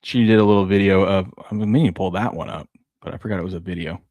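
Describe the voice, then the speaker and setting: A man's voice: sits low, steady tone, quick pace, darkish tone, dry recording, highs cut off. A man in his thirties, a sports show co-host, chatting casually and telling laid-back stories about his kids. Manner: laid-back storytelling with laughs. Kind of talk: casual chat.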